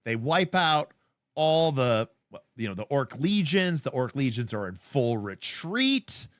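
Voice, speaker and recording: A man co-hosts a casual livestream about tabletop games, wandering through his points with plenty of fillers. His voice sits at an ordinary pitch but rises and falls a lot as he gets excited and jumps into quick voices for the scenes he describes. The sound is dry and close, with no room echo. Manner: rambling with many fillers. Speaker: livestream co-host.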